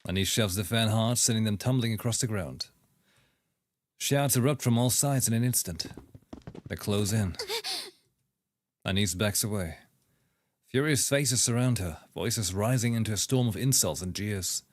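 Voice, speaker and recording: Low-voiced man reading game narration. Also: unhurried, long pauses, no echo. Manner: reads narration evenly, laughs at jokes. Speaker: streamer. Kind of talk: reading game story aloud with commentary.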